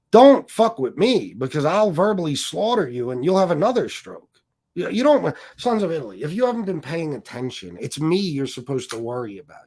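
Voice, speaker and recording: A man's voice: fairly high pitch, a little mellow. A man hosting a livestream, ranting combatively and swearing heavily as he taunts his critics. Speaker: livestream host. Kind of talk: profane livestream rant.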